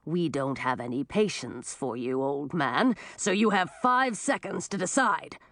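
A woman voicing a big, gruff, impatient male dragon who growls his threats in a storybook reading. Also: deep voice, expressive, a little slow, fairly bright tone, dry recording, clean studio sound, heavily acted. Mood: menacing.

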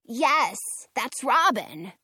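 A woman's voice: fairly high pitch, sing-song, very slow, sharp tone, husky, no room sound, clean studio sound, heavily acted. A woman doing an earnest plucky girl. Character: brave, determined young girl.

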